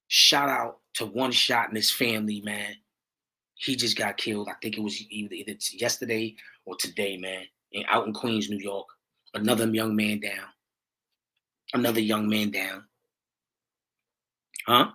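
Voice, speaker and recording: A man hosting his own livestream, talking with passion in a preachy way, repeating catchphrases and rising to near-shouts. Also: fairly low pitch, fairly even intonation, moderate pace, breathy edge. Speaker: livestream host. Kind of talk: impassioned livestream talk.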